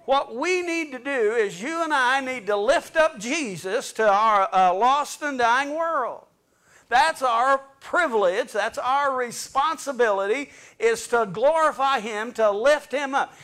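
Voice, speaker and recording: A man's voice: very high voice, animated, unhurried, sharp tone. A male pastor preaching a fervent sermon and reading scripture aloud to his congregation.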